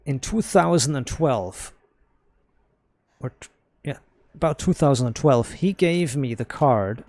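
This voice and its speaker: A man's voice: medium pitch, expressive, measured pace, a little mellow, dry recording. Rambling young man telling a story. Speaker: streamer. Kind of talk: casual gaming chat.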